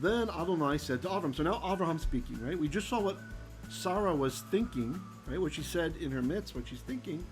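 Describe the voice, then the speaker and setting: A man teaching a Torah lesson as a rabbi, animated and often checking in with his listeners, sometimes chanting verses. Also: fairly high pitch, fairly quick, music in the background, low-quality recording.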